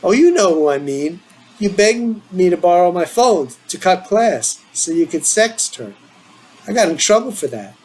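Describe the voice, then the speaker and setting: A man's voice: very animated, normal speed, breathy edge, exaggerated voice, rough recording. Man voicing a playful, needling teen boy; lift the voice up from your own. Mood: excited teasing. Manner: playful, needling, higher and brighter than his own voice. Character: teasing eager teenage boy leaving for college.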